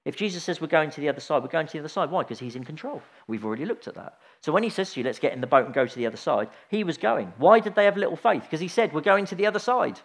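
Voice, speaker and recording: A man's voice: a little high, animated, racing, hardly any pauses. A middle-aged man giving an informal sermon, chatty and anecdotal, with frequent restarts and asides. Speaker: preacher.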